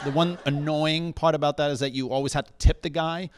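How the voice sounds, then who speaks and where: A man's voice: fairly high pitch, steady tone, a little fast, very noisy. A young man performing a stand-up comedy set on a comedy bar stage. He talks conversationally and keeps checking in with the crowd.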